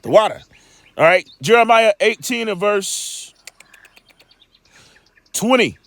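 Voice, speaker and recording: A man's voice: high voice, animated, takes it slowly, vocal fry, fairly bright tone, dry recording. A man teaching scripture in a loose sermon style, rambling and emphatic, with lots of stammering restarts and streetwise asides.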